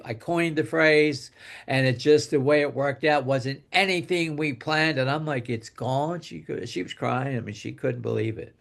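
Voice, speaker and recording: An older man with a slightly high voice tells a long personal story in a loose, rambling way. He repeats himself often and goes quieter when he quotes what was said. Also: creaky. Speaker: guest speaker telling a testimonial. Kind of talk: casual storytelling.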